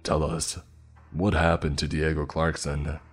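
A man's voice: a bass voice, completely flat delivery, unhurried, breathy edge, soft background music, heavily acted. A man doing a scoffing earless creature. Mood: scornful. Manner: demanding, scoffing. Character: earless male forest creature, scornful.

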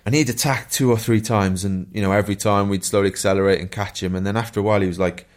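A Welsh man and former pro cyclist, co-hosting a casual podcast and telling race stories in a relaxed way. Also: fairly low pitch, fast, few pauses. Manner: relaxed storytelling with laughs and asides.

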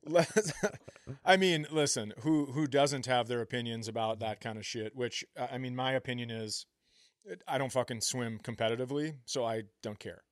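A man's voice: medium pitch, normal speed, no echo, clean studio sound. A man co-hosting a comedy podcast, telling a story in casual chat, laughing often and swearing freely. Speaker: podcast co-host.

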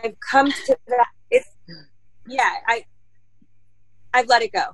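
A chatty woman with a slightly high voice tells rambling, animated stories and curses casually. Her voice sounds dry and close, with little room echo. It is relaxed podcast chat. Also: slow. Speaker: mom and podcast guest.

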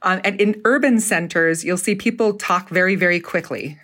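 A middle-aged woman from Utah, a dialect coach and theatre professor, explaining speech patterns in an animated, casual interview chat. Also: lowish voice, normal speed. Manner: animated, acts out accents while explaining.

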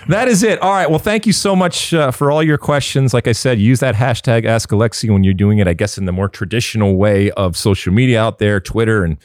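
A man's voice: on the low side, brisk, hardly any pauses, a little mellow, no echo, clean studio sound. A middle-aged man hosting a casual sports podcast, talking emphatically and with strong opinions, full of fillers and restarts. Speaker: podcast host.

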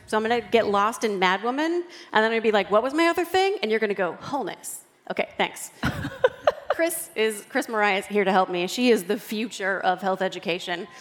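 A woman author giving an animated talk to a live audience, acting out quoted voices as she goes. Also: medium pitch. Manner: expressive, acts out quoted voices. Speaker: author and guest speaker. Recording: long hall reverb.

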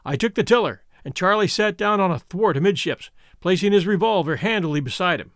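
A man narrating a classic adventure story in an expressive, animated way. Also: high-pitched, a little fast, no echo, clean studio sound. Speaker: audiobook narrator.

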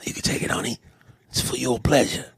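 A man voicing a sleazy, smooth-talking British-style male seducer, with a husky, gravelly murmur and a slow, suggestive delivery. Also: medium pitch, lively intonation, a bit bright, dry recording, heavily acted. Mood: sleazy seductive.

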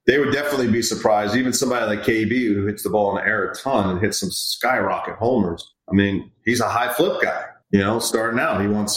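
A middle-aged man, a hitting coach, talking casually and rambling a bit as he tells stories about players. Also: lowish voice. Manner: relaxed, rambling, acts out quoted players. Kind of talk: casual interview chat. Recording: echoey room.

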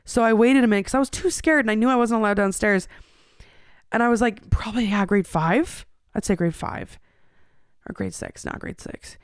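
Fairly quick and somewhat high-voiced, a podcast host in her thirties tells a personal story in a candid, meandering way, with lots of fillers and restarts. The tone is clean, studio quality, with no room sound.

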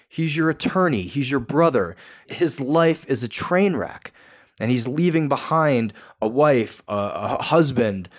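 Earnest man speaking emphatically. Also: mid-range voice. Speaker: guest. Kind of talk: podcast interview.

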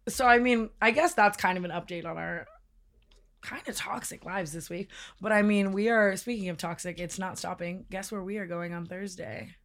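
A woman's voice: mid-range voice, moderate pace, fairly bright tone. A young woman co-hosting a podcast in casual, loose chat, profane and gushing. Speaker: podcast co-host.

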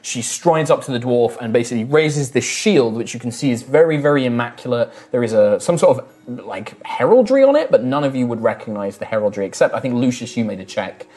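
A man narrating as game master in a relaxed, rambling way with many fillers. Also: medium pitch, fairly quick, hardly any pauses. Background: faint music.

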